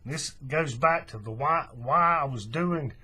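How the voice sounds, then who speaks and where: A man explaining a craft step by step in a relaxed, folksy way. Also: fairly high pitch, unhurried, breathy edge. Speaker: craft tutorial host. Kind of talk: hands-on tutorial walkthrough.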